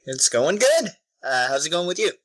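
A man's voice: a little high, sing-song, moderate pace, fairly bright tone, poor audio. A young man co-hosting a podcast in casual chat, joking and loose, often trailing off with fillers. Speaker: podcast co-host.

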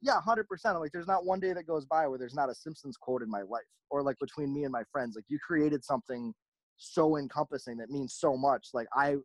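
A man telling stories in a casual chat, rambling and animated, often acting out the voices of people he quotes. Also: medium pitch, no room sound. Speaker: podcast host, merch company owner.

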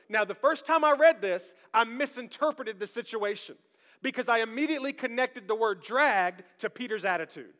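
Pastor, man, lively humorous sermon, high bright voice, long hall reverb. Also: moderate pace. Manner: lively, humorous, calls out to the congregation.

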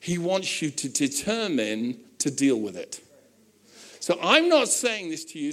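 A pastor preaches a sermon to his congregation in a high voice that swings widely as he builds each point. At a normal speed, he speaks conversationally and with animation, dropping in humorous asides and doing playful voices for the characters in his stories.

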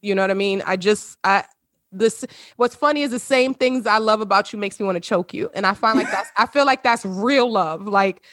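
A woman's voice: medium pitch, normal speed, fairly bright tone, no room sound. A woman hosting a casual podcast chat with friends over a video call, talking in a heartfelt, emotional way and laughing often. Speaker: podcast host.

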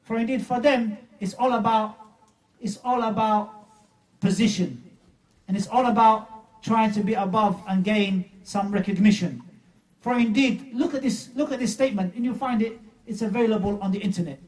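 High-voiced preacher heard from afar. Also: male voice, normal speed, a little mellow, far from the mic. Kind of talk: sermon.

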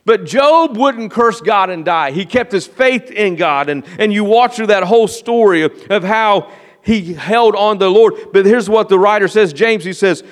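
A man pastor giving an earnest sermon, often slowing down and dropping to a quiet, confiding tone. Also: high-pitched, animated. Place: church sanctuary. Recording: long reverb of a large hall.

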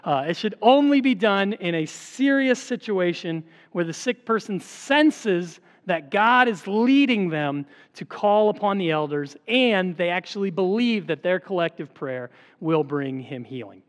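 A man's voice: sits high, lively intonation, unhurried, in a large hall. A man preaching a sermon as pastor, earnest and emphatic, asking rhetorical questions and answering them.

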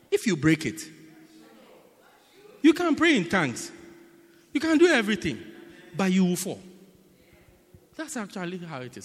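A high, bright-voiced man preaches in a church hall, his voice carrying a long reverb. His delivery is animated and emphatic, swinging widely in pitch as he repeats phrases and builds to loud bursts. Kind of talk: sermon.

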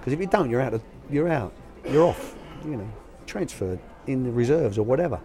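Over music, an older man talks a little fast in a medium-pitched voice with lively intonation. He is a former youth academy manager giving casual, colloquial interview anecdotes about coaching young players, performing the voices he quotes.

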